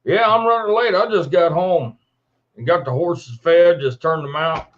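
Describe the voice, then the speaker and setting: A man hosting a casual livestream from home at his computer, greeting viewers by name in a folksy, unhurried way after a day of working cattle. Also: fairly high pitch, muffled recording. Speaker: livestream host. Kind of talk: casual live-stream chat.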